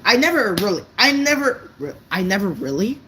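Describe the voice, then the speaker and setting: A woman's voice: mid-range voice, sing-song, fairly quick, a bit bright, slight background noise, poor audio. Blunt, profane woman vlogger ranting. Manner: blunt, profane, stumbling over words. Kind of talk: unscripted rant to camera.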